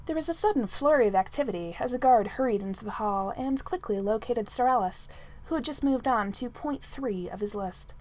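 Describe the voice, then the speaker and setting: Expressive woman reading a story aloud. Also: fairly high pitch, fairly quick. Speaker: narrator. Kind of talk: audiobook narration of fan fiction.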